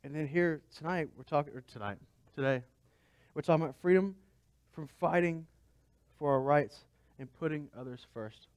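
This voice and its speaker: A man's voice: a little high, moderate pace, no echo. A man pastor giving a conversational sermon, asking the congregation rhetorical questions.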